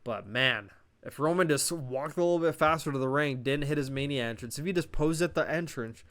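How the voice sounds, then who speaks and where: A man's voice: fairly high pitch, a little fast, a bit bright. A young man casually reviewing a wrestling show, swearing often and rambling through a recap. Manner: profane, rambling, laughs at own retelling.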